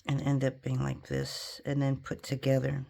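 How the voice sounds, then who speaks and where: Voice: mid-range voice, monotone, moderate pace, vocal fry, dark tone. A polymer clay crafter in a home studio, casually thinking aloud and chatting to viewers while working.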